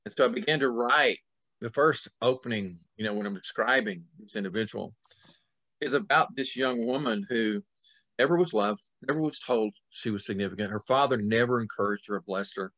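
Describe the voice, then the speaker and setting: A middle-aged man, an author, telling a story in an animated way, swinging between loud and soft as he acts out the scenes. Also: on the low side, brisk, no echo. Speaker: author guest.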